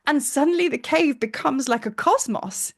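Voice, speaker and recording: A woman's voice: sits high, expressive, moderate pace. A woman teacher narrating a guided meditation in a soothing, dreamy, lightly rambling way.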